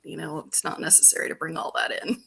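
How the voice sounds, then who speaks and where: A woman's voice: sits low, fast, vocal fry, sharp tone, breathy edge. A woman guest, a retiring dispatch supervisor, answering interview questions in a plain-spoken way.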